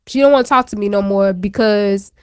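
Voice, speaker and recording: A woman's voice: medium pitch, fairly quick, a little mellow, clear, resonant tone, dry recording, clean studio sound. A woman co-hosting a talk show, telling a personal story in a candid, chatty way with slang asides. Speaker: show co-host. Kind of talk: casual chat.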